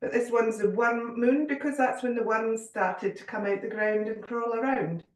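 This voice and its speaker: A woman guiding a yoga class, giving calm, gentle cues with a little humour. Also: a little high, normal speed, distant mic. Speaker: yoga teacher. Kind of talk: guided yoga class instruction. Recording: echoey room, voice from off mic.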